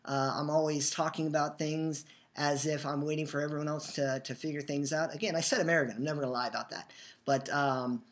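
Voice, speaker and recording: Young guy rambling about his fave episodes, slightly higher voice, lots of restarts. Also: steady tone, brisk. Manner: rambling, restarts often, earnest. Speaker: fan show host. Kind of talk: casual fan commentary. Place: new home, just moved in.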